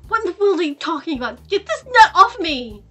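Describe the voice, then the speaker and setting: A woman's voice: very high voice, animated, very fast, a bit bright, soft background music, voice pushed up. A woman voicing a moody, impatient teenage boy Cupid who sounds sulky and exasperated. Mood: indignant.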